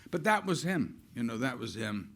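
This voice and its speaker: Gravelly older Englishman telling stories. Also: medium pitch, very animated, moderate pace, a bit bright, a little hiss or hum. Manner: chatty, laughs often, acts out quotes. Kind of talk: casual anecdotes on stage.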